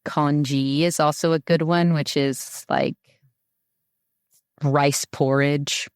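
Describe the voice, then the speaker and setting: A woman's voice: sits low, steady tone, takes it slowly, smooth, dry recording, clean studio sound. A woman speaking as a podcast guest, giving casual advice in a rambling way with many fillers. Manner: rambling, filler-heavy talk. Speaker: podcast guest, mother and herbal maker.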